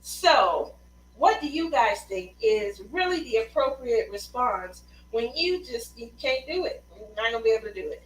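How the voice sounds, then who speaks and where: A woman's voice: on the high side, lively intonation, normal speed, a little hiss or hum, low-quality recording. A woman hosting a casual craft livestream, chatting loosely, laughing often and reading out viewer comments. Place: Las Vegas.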